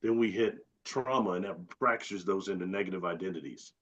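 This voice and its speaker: A low-pitched man with a husky, breathy voice joins a casual chat as a guest. He explains his ideas slowly and deliberately and works through a list of terms. He is heard over a video call. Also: a bit bright, highs cut off.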